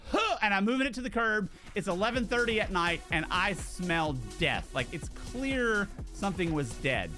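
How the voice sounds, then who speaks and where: Animated, bright-voiced male streamer. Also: high-pitched, unhurried, soft background music. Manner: animated, swears, restarts and repeats words. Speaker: game streamer. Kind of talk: casual livestream storytelling.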